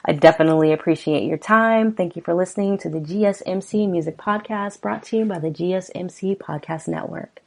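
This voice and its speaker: A woman hosting a music podcast, talking softly and apologetically in a casual way. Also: fairly low pitch, fairly quick, gravelly, hardly any pauses. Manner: soft-spoken and apologetic. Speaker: podcast host.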